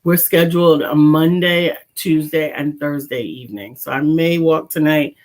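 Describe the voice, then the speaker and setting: A woman's voice: low-pitched, normal speed. A woman co-hosting a casual livestream talk show. She chats in an upbeat way and greets viewers by name. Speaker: co-host.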